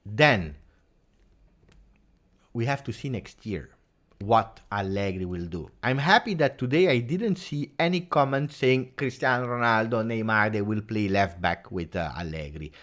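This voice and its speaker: A man's voice: medium pitch, unhurried. A man from Italy with an Italian accent, hosting a casual fan-channel livestream and reading out viewer comments. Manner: animated, reads viewer comments.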